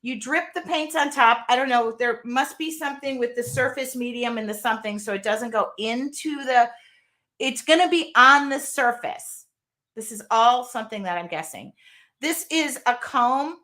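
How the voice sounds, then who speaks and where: A woman's voice: fairly high pitch, normal speed, bright, forceful tone. A woman hosting a casual live unboxing from her art studio, chatty and rambling as she reads out viewer comments. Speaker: craft video host.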